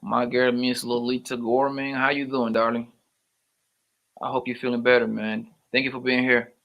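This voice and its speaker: A man's voice: mid-range voice, flat delivery, moderate pace, vocal fry, highs cut off. A man with hosting a casual livestream, greeting viewers by name and teasing them in loose slangy banter. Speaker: livestream host. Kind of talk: casual livestream chat, reading viewer names.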